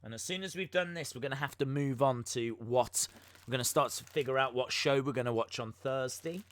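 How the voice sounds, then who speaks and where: A man's voice: mid-range voice, brisk, a bit bright. A man hosting a wrestling podcast live stream, chatting casually and mocking himself, with lots of ums and uhs. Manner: chatty and self-mocking, with many filler words.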